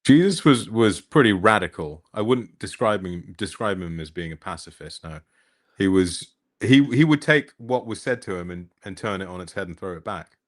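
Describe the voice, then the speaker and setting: Man, deep low voice, easygoing podcast co-host. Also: expressive, moderate pace. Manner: easygoing, agreeable, explanatory. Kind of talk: casual conversation.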